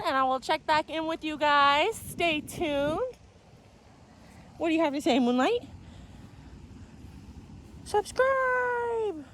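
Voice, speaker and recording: A woman's high, fairly bright voice carries an upbeat animal vlog, where she addresses viewers directly in casual chat and coos baby talk to puppies. A little hiss or hum sits in the recording.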